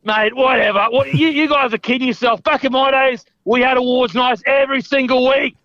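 A man putting on a shouting, cranky veteran sports journalist, who keeps saying "mate" over a muffled phone line. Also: very high-pitched, fairly even intonation, fairly quick, full character voice. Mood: ranting. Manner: yells, repeats "mate", blunt and combative. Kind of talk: comedy impression on a phone call.

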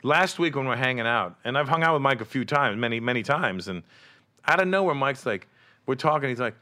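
Male guest, lively raconteur who mimics others, bright tone. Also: medium pitch, a little fast. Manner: animated, acts out quotes in other voices. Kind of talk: casual storytelling chat.

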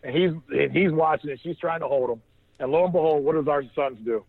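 A man shares a loose story on a podcast, his talk full of restarts and easy laughter. His voice sits a bit high. He comes through a thin, tinny phone line. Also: fairly quick, vocal fry. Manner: rambling, with many restarts and laughter. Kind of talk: casual storytelling chat.

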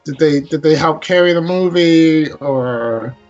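A man with a voice pitched a little high, chatting about a film with friends. He rambles playfully, restarts his sentences and circles back to his point. Music plays faintly underneath. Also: a little slow, a little mellow, muffled recording. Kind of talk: casual movie discussion.

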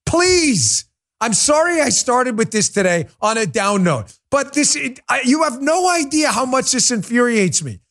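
A man's voice: very high-pitched, expressive, moderate pace, few pauses, fairly bright tone. Exasperated ranting male host. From New York City. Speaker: podcast host. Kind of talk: political commentary show.

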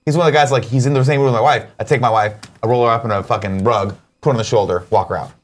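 A man's voice: medium pitch, rapid-fire. A man co-hosting a casual morning show, talking animatedly, swearing freely and acting out movie quotes. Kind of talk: casual chat.

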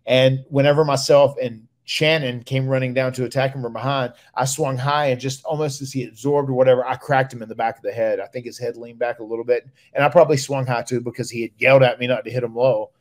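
A man, casually telling stories on his podcast and getting loud when he acts out other people. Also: mid-range voice, fast talker, hardly any pauses. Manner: animated storyteller, loud when acting out others. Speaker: podcast host, retired wrestler. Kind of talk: casual storytelling.

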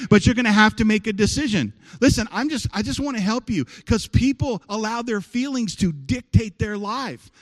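A man preaching to his congregation in a high, bright voice. He is lively, keeps calling out to the room and waits for the answers to come back. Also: moderate pace, few pauses. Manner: animated preaching with call-and-response. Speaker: pastor. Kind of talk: sermon. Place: church sanctuary with congregation.

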